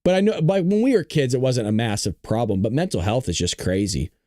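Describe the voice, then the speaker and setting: Hoarse streamer guy chatting with his viewers, voice bouncing all over, dry close mic. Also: medium pitch, a little fast, dry recording. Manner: chatty, animated, reacts to chat. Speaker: live-stream show host. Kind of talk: live-stream political commentary.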